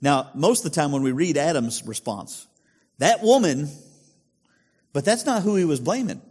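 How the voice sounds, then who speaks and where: A male pastor preaching with a lively, up-and-down delivery and a fairly high voice. He asks the congregation rhetorical questions in a chatty tone, and his voice carries a long hall reverb. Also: a little fast, slightly rough. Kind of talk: sermon.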